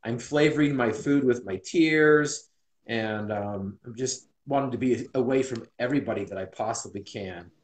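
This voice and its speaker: A man in his forties from Utah, recounting his life story in an interview with earnest reflection. His mid-pitched voice sits in a roomy space with audible echo. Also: moderate pace. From Utah, USA. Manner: earnest and reflective, many restarts. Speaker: interview guest.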